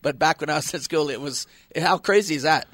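A man's voice: a little high, fairly quick, dry recording, clean studio sound. A Canadian man, a football kicker, telling stories in a casual radio interview and acting out the people he quotes. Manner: animated storyteller who acts out quotes.

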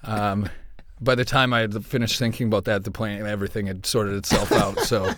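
A man's voice: lowish voice, level tone, brisk, background noise. A man being interviewed, speaking in a laid-back, easygoing way, often hesitating and restarting. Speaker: guest. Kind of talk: casual interview chat.

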